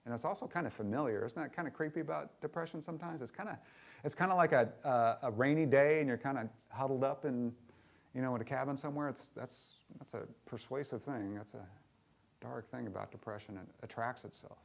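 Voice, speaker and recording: A middle-aged male minister giving a candid, conversational sermon, often putting questions to the congregation and going soft and hushed in tender moments. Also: mid-range voice, a little fast, vocal fry.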